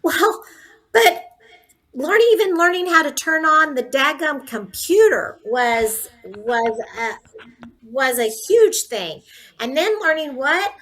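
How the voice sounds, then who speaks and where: A woman's voice: high-pitched, expressive, takes it slowly, a bit bright, rough recording. A woman in her sixties, a nurse turned entrepreneur, telling her story as an interview guest in an earnest, faith-filled, candid way. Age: 60s.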